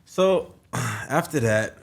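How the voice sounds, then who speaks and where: A man's voice: medium pitch, lively intonation, very slow. A man hosting a podcast, talking casually with frequent stammered restarts and self-mocking humor. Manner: hesitant, stammering restarts, laughs at himself. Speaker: podcast host.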